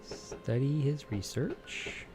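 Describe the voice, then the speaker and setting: A man's voice: medium pitch, big pitch swings, very slow. A man giving casual, chatty commentary while playing a video game and reading out menus as he goes. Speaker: let's play host. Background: game music.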